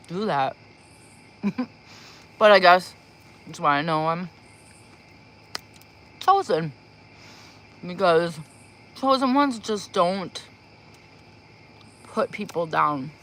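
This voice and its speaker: A woman's voice: fairly low pitch, lively intonation, fairly bright tone, slight background noise. A woman chatting casually on a livestream before giving spiritual readings, rambling and giggling as she talks into a propped-up phone in a small room. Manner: rambling, giggly, slow talker.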